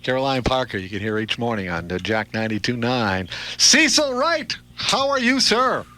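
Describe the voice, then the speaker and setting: A man's voice: mid-range voice, big pitch swings, moderate pace, sharp tone. A man hosting a call-in radio show, bantering and laughing with callers. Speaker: radio talk show host. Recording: radio broadcast.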